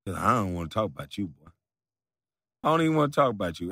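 A man's voice: lowish voice, sing-song, quick pace, bright, forceful tone, dry recording, studio quality. A man who makes videos, delivering a mocking, profane rant at a rival, repeating taunts and breaking into laughter. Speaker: video creator.

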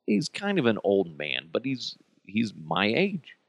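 A man's voice: fairly low pitch, huge pitch swings, measured pace, dry recording. A middle-aged American man hosting a casual solo podcast, joking and ranting with plenty of profanity. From United States. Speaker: podcast host.

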